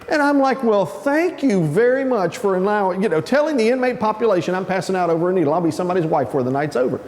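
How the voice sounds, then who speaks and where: A man's voice: high voice, animated, quick pace, few pauses, big-room sound. A man giving a storytelling keynote speech, acting out the voices of people in his story. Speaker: keynote speaker.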